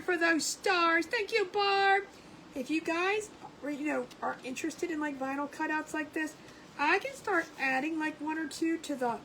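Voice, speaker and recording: A woman's voice: sits high, a bit bright, slight background noise, low-quality recording. A woman hosting a casual craft livestream, chatting and greeting viewers by name and laughing often. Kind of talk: casual live-stream chat.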